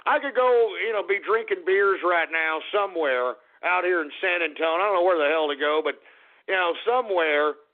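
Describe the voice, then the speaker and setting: A man hosting a radio show, ranting loudly and swearing in a strained, hoarse voice. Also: high voice, a little fast. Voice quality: strained, fading voice. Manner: loud, profane and exasperated. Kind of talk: ranting call-in radio talk. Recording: phone-like lo-fi radio audio.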